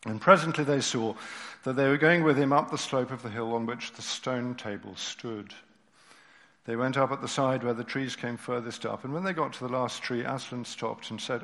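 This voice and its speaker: A man preaching a sermon, reading a story aloud and explaining scripture, expressive and dropping his voice low at tender moments. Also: normal speed. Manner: expressive, dropping to near-whispers at moving moments. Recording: reverberant hall.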